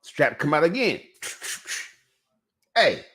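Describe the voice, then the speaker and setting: A man's voice: mid-range voice, lively intonation, normal speed. Man telling a rambling story. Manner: rambling, slangy, talks straight to viewers. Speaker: podcast host. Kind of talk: casual storytelling monologue.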